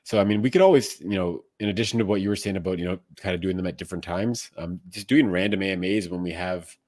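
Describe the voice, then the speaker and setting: A man's voice: low voice, quick pace, a little mellow, no room sound, studio quality. A man acting as hype man on a livestream, upbeat and chatty. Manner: upbeat, laughs easily. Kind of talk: casual livestream chat.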